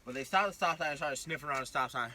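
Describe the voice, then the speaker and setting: A young man telling a storytime vlog in an excitable, slangy way, acting out the scene as he goes. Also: on the high side, racing, a little hiss or hum. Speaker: vlogger. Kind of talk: animated storytime.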